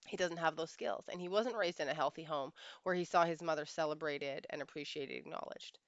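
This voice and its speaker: A woman's voice: deep voice, a little fast, no room sound, highs cut off. A woman life coach telling a story in a monologue, emphatic and repeating phrases for weight.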